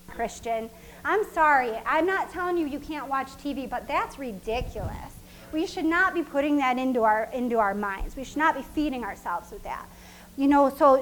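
A woman with a high, bright voice delivers a sermon as if chatting with the congregation. She circles back over her points and laughs easily, with a faint hiss of noise behind her. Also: poor audio. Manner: conversational and repetitive, with frequent laughs. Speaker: preacher.

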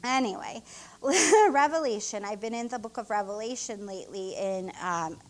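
A woman's voice: medium pitch, animated, normal speed. A middle-aged woman co-pastor preaching an emotional, heartfelt sermon with rising exclamations.

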